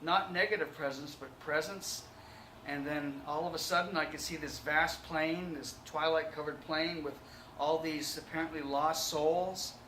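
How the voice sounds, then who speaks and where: Bright, higher-pitched man giving earnest spiritual testimony as host; echoey room. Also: steady tone, unhurried. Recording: echoey room with faint noise.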